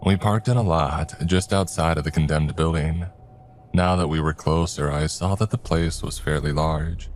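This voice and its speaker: A man reading a horror story aloud in a steady first-person narration. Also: extremely low pitch, slight background noise. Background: faint music.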